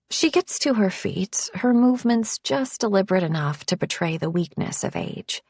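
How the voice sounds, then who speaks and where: A woman narrating a first-person audiobook in a measured, intimate way. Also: on the low side, big pitch swings, vocal fry, darkish tone, husky, no echo.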